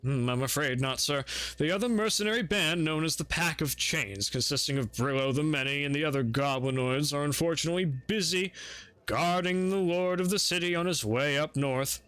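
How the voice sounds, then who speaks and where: Guy putting on a stiff polite butler type, bright pitched-up voice, keeps bowing and sir-ing. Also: normal speed, smooth, no echo, lightly acted. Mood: deferential. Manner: stiff, overly formal, bowing. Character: polite formal male servant, fussy and deferential.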